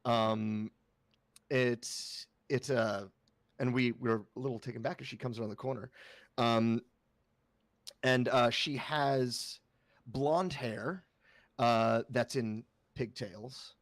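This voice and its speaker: Gravelly man narrating as game master. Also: mid-range voice, steady tone, no echo. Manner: halting, many fillers.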